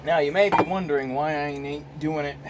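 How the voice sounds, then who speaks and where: A man's voice: fairly high pitch, fairly even intonation, brisk, noisy background. An American man hosting his own casual vlog, rambling and profane, filmed on a phone. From United States. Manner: rambling, profane, many restarts. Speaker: host.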